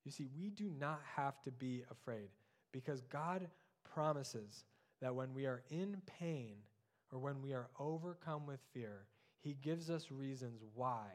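A man in his thirties preaching a sermon as pastor, often dropping soft and low on key words. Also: animated, unhurried.

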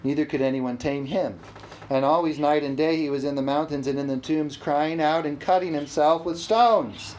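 A preacher in full sermon mode, mid-pitched and emphatic. The delivery keeps asking the congregation for amens and hammers home key phrases by repeating them. A faint hiss sits under the voice. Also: fairly even intonation, normal speed, darkish tone. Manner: emphatic, calls for "amen?" responses.

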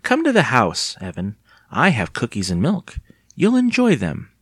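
A man voicing a cold, stern aunt of about eighty, speaking slowly in a hard voice. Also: mid-range voice, huge pitch swings, fairly bright tone, dry recording, studio quality, voice pushed up. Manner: slow, hard and cold delivery.

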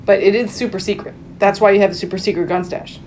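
A woman's voice: mid-range voice, fairly even intonation, fast, a little mellow, a little hiss or hum. A woman co-hosting a movie podcast, trading dry, sarcastic quips in casual chat. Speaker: podcast co-host.

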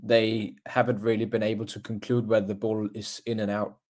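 A man's voice: fairly low pitch, level tone, brisk, a little mellow. A man co-hosting a podcast, asking questions in a casual, puzzled way. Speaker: podcast co-host. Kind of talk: casual chat.

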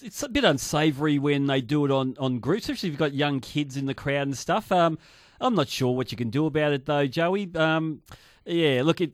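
A man's voice: fairly high pitch, dry recording. A man co-hosting a sports talk radio show, speaking hesitantly with many restarts into a studio microphone. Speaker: co-host.

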